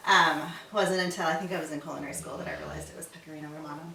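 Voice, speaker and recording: A middle-aged woman chef talks her way through a home cooking demo, chatty and relaxed. She sounds a little far from the mic in an echoey kitchen. Pots, pans and cutlery clink behind her. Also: deep voice, very fast, slight background noise. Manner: chatty, talks to herself while working. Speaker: chef hosting a cooking video. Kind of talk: casual cooking demonstration.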